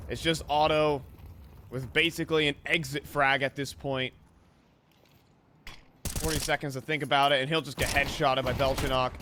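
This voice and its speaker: A man casting an esports match play-by-play, building to excited shouts on big plays. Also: fairly high pitch. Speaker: esports caster. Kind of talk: live play-by-play commentary. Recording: game audio and noise behind. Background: game gunfire.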